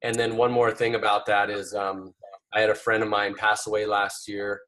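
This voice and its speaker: A man's voice: fairly low pitch, little pitch movement, moderate pace, a bit bright. A man hosting a coaching call, encouraging the participants and telling personal stories. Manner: encouraging, storytelling. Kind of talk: casual coaching talk.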